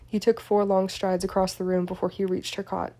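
A woman narrating a story aloud at an even, measured pace. Her voice is mellow and soft-toned, and she keeps a flat, level tune with little rise or fall. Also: mid-range voice. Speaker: story reader. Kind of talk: audiobook-style reading of fan fiction.

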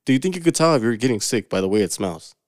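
A man's voice: mid-range voice, expressive, racing, darkish tone, no echo, studio quality. A man co-hosting a podcast, telling stories in a laid-back, slangy way and swearing often. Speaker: podcast co-host. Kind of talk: casual chat.

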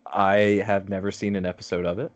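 A man's voice: sits low, level tone, a little fast, no room sound. A young man co-hosting a casual podcast chat with dry, teasing humor. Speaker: podcast co-host.

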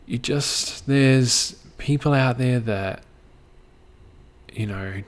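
A man's voice: mid-range voice, very slow. A young Australian man talking straight to camera in a loose, rambling monologue, swearing freely and often trailing off mid-thought. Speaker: vlogger.

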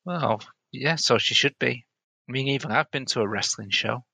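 A man's voice: medium pitch, normal speed, vocal fry, pushed and bright, husky, no echo, poor audio. A man co-hosting a podcast, adding dry, wry asides with some hesitant ums. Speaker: podcast co-host. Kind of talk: casual chat recapping a TV episode.

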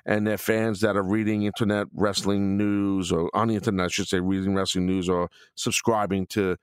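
Blunt, rambling middle-aged host. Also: male voice, low voice, flat delivery, moderate pace, clear, resonant tone, no echo, studio quality. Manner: blunt, rambling, swears, many fillers and restarts. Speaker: podcast host answering listener questions. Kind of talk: casual opinion talk.

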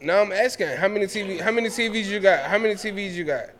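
A young man co-hosting a podcast, bantering loudly in a teasing, profane way. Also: high-pitched, fast talker. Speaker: podcast co-host. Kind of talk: casual chat.

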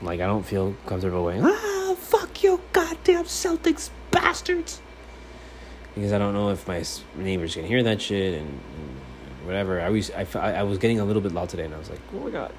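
The Miami host of a solo sports podcast talks fast with few pauses, his voice on the low side. He swears freely, alternating between subdued mumbling and loud, fired-up ranting. The apartment recording has a faint room hiss.

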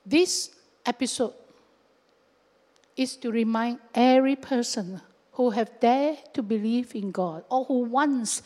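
A woman pastor preaching a sermon, lively and acting out scenes with local fillers. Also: fairly high pitch. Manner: animated, acts out scenes and voices, with local fillers like lah. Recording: long hall reverb.

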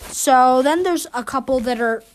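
A woman with a somewhat high voice hosts a homemade news rundown. She reads through long lists in a casual, unpolished way and stops to correct her own slips. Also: normal speed. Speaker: news show host.

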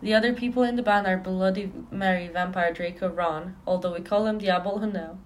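A woman's voice: mid-range voice, steady tone, a little fast, slight background noise. Woman reading fanfiction aloud. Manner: swears freely, reads dramatically and laughs often. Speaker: podcast host reading fanfiction. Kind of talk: casual comedic reading aloud.

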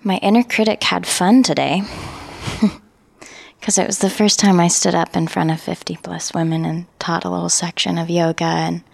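A woman yoga trainee sharing a personal story in a lively, laughing way. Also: fairly low pitch, vocal fry, breathy edge, no room sound.

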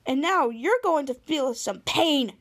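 A woman's voice: high-pitched, animated, measured pace. A woman quoting the blunt, threatening lines of a teenage school bully while retelling a show.

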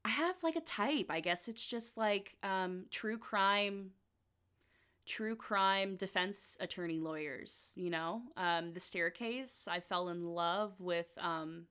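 A woman's voice: on the low side, a little slow, a bit bright, clean tone. A young woman hosting her own podcast in a rambling, playful, self-mocking chat that keeps breaking off mid-sentence. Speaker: podcast host. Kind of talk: casual solo podcast chat.

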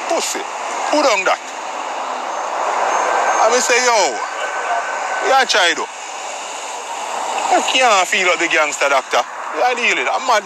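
Brash Jamaican-patois man, mid-pitched, profane gangster-style comic storyteller, recorded outside with traffic noise audible. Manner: brash, profane, boastful tough-guy bravado.

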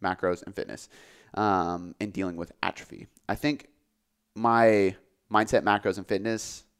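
A man who works as a fitness coach, talking casually on a podcast, relaxed and full of filler words. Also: sits low, measured pace, clear, resonant tone. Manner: relaxed, filler-heavy, says "like" often.

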